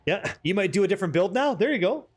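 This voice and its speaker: A man's voice: sits high, big pitch swings, quick pace. A man streaming a game, chatting casually with his viewers, joking and swearing freely as he reads the chat. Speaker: livestream gamer.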